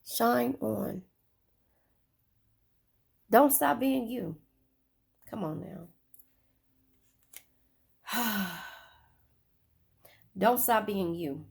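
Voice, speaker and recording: A woman's voice: lowish voice, slow, vocal fry, pauses often, breathy edge. A woman giving a casual tarot reading, chatty and swearing, often repeating her phrases. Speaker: tarot reader.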